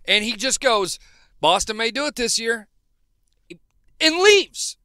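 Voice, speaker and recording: Man, high-pitched, bright tone, rambling casual storytelling, dry recording. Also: moderate pace, no room sound. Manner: rambling, many restarts and "like". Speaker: podcast co-host.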